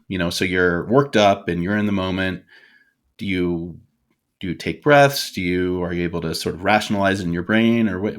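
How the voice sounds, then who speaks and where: A man with a low voice hosts a podcast interview. He asks his questions hesitantly, pausing on fillers and restarting his sentences. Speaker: podcast host.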